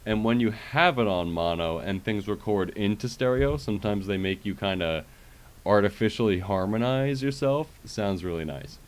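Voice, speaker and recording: A man's voice: fairly low pitch, lively intonation, moderate pace. A man streaming live from his computer setup, walking viewers through fixing his microphone in a chatty, casual way that is full of fillers and check-ins with the audience. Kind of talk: casual livestream tech walkthrough. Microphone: USB microphone with headset monitoring.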